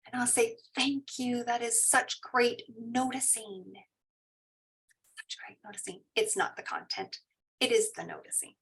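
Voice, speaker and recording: Mindfulness teacher, woman, higher bright voice, soft soothing delivery over a video call. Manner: soft, slow and soothing, reads out participants' shares. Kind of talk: guided meditation and parent info session. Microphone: online video call.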